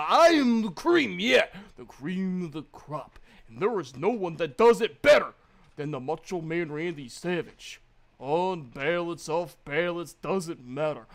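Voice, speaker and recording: Man impersonating a swaggering pro wrestler cutting a promo, raised pitch, drawn-out words and "yeah" tics. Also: exaggerated voice. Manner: drawn-out syllables, "yeah" tics, rising to loud bursts. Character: gravelly hyped-up male pro wrestler doing a promo.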